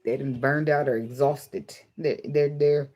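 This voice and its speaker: A woman giving a casual tarot reading, joking and swearing freely and singing along softly between cards. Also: very deep voice, steady tone, a little slow. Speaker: tarot reader.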